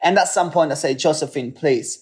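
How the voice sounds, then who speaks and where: A man's voice: a little high, brisk. An Italian-accented man whose first language is Italian talks casually as a guest on a chat podcast. His English comes in bursts of repeated words as he hunts for the right one, and he laughs his way through stories. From Italy.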